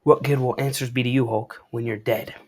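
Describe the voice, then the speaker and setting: A man's voice: mid-range voice, steady tone, fairly quick, a little mellow, close to an everyday voice. A man voicing Mimic, a cocky male villain posing as Wolverine, read aloud from a comic. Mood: cocky threat. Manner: boastful threats. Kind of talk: reading comic dialogue aloud.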